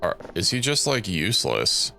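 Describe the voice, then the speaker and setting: A man's voice: on the low side, wildly swooping pitch, moderate pace, vocal fry, sharp tone, faint music behind. A young man streaming a game, thinking aloud in a rambling, casual way and correcting himself as he goes. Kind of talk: casual gameplay commentary.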